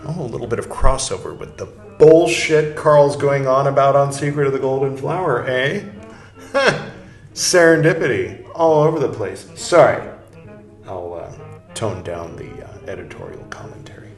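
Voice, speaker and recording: A man's voice: medium pitch, animated, normal speed, vocal fry. A man hosting a podcast, reading a text aloud with wry, irreverent asides and some swearing. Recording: roomy echo, faint music.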